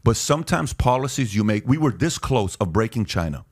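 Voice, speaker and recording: A man's voice: mid-range voice, sing-song, fairly quick. Pushy male podcast host arguing. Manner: pushy, interrupts, repeats points for emphasis. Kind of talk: debate on a podcast.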